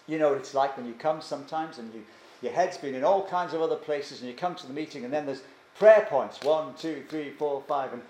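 A man's voice: a little high, a little mellow, a little hiss or hum. A man preaching a sermon earnestly, often asking his listeners questions. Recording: echoey church room, faint ambience.

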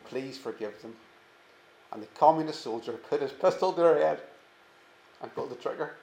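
A man preaching a sermon, earnest and emphatic, slowing down to stress key words. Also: on the high side, vocal fry, a little mellow, roomy sound, poor audio. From England.

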